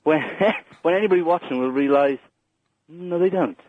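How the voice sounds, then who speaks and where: A man's voice: a little high, normal speed, dry recording. A man from Wales, calling a radio show and bantering cheekily. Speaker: caller. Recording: thin telephone line.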